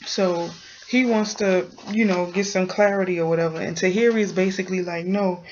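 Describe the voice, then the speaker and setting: A woman's voice: lowish voice, fairly even intonation, fairly quick, a little mellow, slight background noise. A woman giving a blunt, sassy, slang-heavy casual recap of a TV episode. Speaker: TV recap vlogger. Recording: muffled lo-fi recording.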